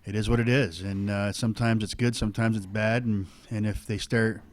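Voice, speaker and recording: Casual male racer, thirties, low voice, rambling and plainspoken. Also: fairly even intonation, a little fast. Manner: plainspoken, rambling with many fillers. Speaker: local stock car driver. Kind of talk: casual radio talk.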